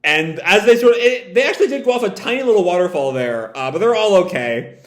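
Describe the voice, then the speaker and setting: Rambling man with a lively voice. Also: high voice, quick pace. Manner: rambling, self-correcting, casual swearing. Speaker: comic reaction host. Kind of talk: casual live reading and commentary. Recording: echoey room.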